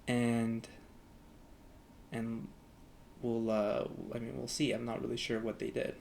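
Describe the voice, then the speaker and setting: A man's voice: medium pitch, completely flat delivery, slow, creaky, darkish tone, a little hiss or hum. A young man talking casually to camera as a vlogger, rambling with lots of "like" fillers and acting out both sides of past conversations. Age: young adult. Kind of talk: casual storytelling vlog.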